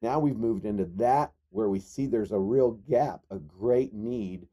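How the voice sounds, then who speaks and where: A man's voice: lowish voice, a little slow, mellow. A man, a guest, chatting casually and dropping dry jokes. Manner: wry, joking asides. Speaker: guest, comedy performer. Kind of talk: casual chat.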